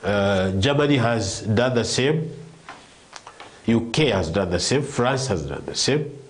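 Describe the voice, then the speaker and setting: A man's voice: on the low side, expressive, slow pace, a little hiss or hum. Man explaining at length. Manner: explains at length, with restarts and repetitions. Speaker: commentator on a live talk show. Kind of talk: explanatory talk on current affairs.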